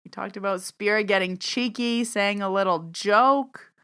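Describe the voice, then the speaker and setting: A woman's voice: mid-range voice, measured pace, fairly bright tone, smooth. A woman hosting her own podcast, chatting through a reflective, heartfelt year-end recap as a medium and teacher.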